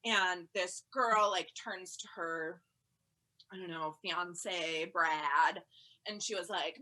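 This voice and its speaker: A woman doing stand-up from home over a video call, rambling and chatty with lots of "like", breaking into loud yelled quotes. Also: lowish voice, slow pace. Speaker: stand-up comedian.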